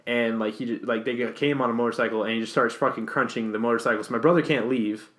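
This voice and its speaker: A man's voice: medium pitch, fairly even intonation, quick pace, a bit bright. Rambling, profane young man telling a story. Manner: rambling, profane, lots of fillers and restarts. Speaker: podcast guest. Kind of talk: casual storytelling chat.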